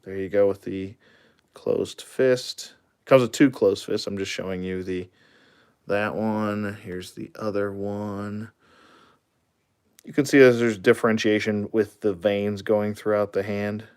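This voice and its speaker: Man, fairly low voice, easygoing toy reviewer who rambles with lots of "uh"s and chuckles. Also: fairly even intonation, a little slow, a little mellow, clean tone. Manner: rambling, many fillers and chuckles. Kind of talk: casual product review.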